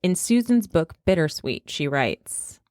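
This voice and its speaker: Low-voiced woman podcast host, wry. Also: big pitch swings, measured pace, darkish tone, dry recording, clean studio sound. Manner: wry, chatty storyteller. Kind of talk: casual chat, narrating researched gossip.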